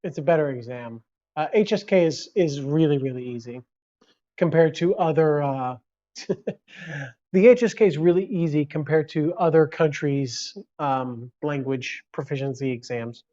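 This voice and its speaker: A man's voice: on the high side, moderate pace, warm tone, lo-fi sound. A man from the United States chatting casually on a live stream, rambling and reacting to viewer comments.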